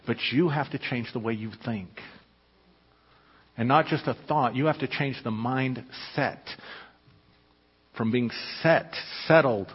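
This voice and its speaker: A pastor preaching a sermon, emphatic and conversational, often asking the listeners questions. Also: male voice, medium pitch, slow, long pauses, slightly rough. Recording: echoey hall, dull lo-fi sound.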